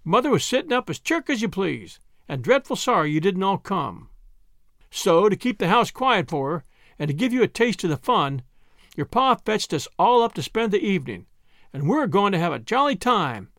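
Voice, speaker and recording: A man's voice: high voice, big pitch swings, fairly bright tone, dry recording, studio quality, exaggerated voice. A man voicing a bustling country mother who rattles on breathlessly. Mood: cheerful. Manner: rapid chatty storytelling.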